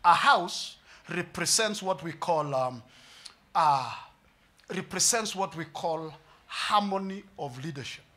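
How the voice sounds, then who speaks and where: A man preaching a sermon, mixing in Swahili and humor, swinging from hushed lines to shouts. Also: fairly high pitch, expressive, takes it slowly. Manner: mixes English and Swahili with humor. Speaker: pastor.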